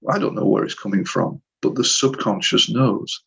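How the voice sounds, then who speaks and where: Gravelly middle-aged storyteller. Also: male voice, lowish voice, moderate pace, rough recording. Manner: animated storyteller who re-enacts scenes, with frequent restarts. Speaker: hypnotherapist guest. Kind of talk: storytelling in a conversational interview.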